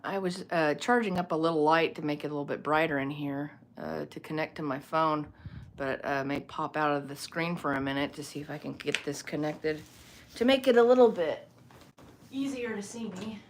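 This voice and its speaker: Woman, low voice, casual rambling livestream host on her phone, laughs easily. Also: flat delivery, brisk, a bit bright, a little hiss or hum. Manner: rambling, chatty, laughs often. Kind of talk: casual livestream chat with viewers. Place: home room lit by a small ring light.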